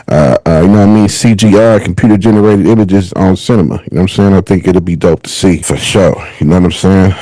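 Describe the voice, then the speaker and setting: A man's voice: medium pitch, a little mellow, no room sound, low-quality recording. Guy w aave riffing on his podcast, voice jumps all over, real dry close sound. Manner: loose, conversational, constant "you know what I'm saying" asides. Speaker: podcast host. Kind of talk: casual commentary monologue.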